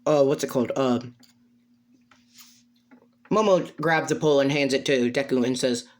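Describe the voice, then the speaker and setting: Halting male storyteller improvising fan fiction, rambles and restarts. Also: medium pitch, steady tone.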